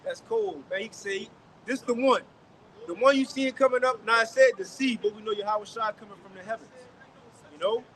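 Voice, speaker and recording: A man's voice: high-pitched, brisk, a bit bright, rough recording. A man leading a street teaching, explaining scripture emphatically and checking in with his listeners. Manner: emphatic, keeps asking "you got it?". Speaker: lead teacher. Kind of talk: street preaching, interpreting scripture.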